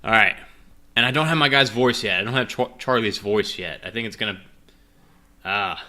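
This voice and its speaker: A man's voice: fairly low pitch, moderate pace, pushed and bright. A man running and reading a solo tabletop gamebook, rambling and self-deprecating with many fillers, while drinking. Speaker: game master playing a solo gamebook. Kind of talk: casual chat and reading game narration.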